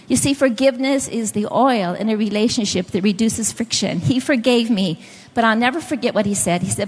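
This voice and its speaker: A woman's voice: on the high side, brisk, slightly rough, in a large hall. A middle-aged woman preaching a sermon, telling stories and speaking directly to the congregation. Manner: storytelling, directly addressing the audience.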